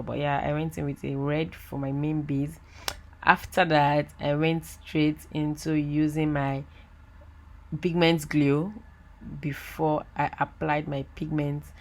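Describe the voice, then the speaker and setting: A woman giving a chatty, excitable voiceover for a makeup tutorial, talking straight to her viewers. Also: sits low. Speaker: makeup artist. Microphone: voiceover mic.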